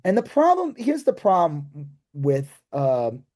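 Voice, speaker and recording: A man's voice: on the high side, wildly swooping pitch, slow pace, dark tone. Male podcast co-host, sarcastic, rambling, filler-heavy, casual political banter.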